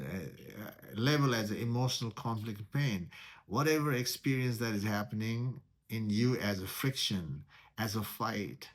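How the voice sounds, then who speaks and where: In a spiritual talk, a man with a lowish voice teaches meditation. His delivery is deliberate, with key words repeated and rhetorical questions posed.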